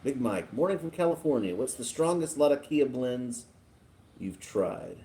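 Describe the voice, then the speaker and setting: A man from Texas hosting a casual livestream, chatting in a relaxed, chuckling, rambling way as he reads viewer comments. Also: mid-range voice, moderate pace. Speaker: livestream host. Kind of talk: casual live chat reading viewer comments.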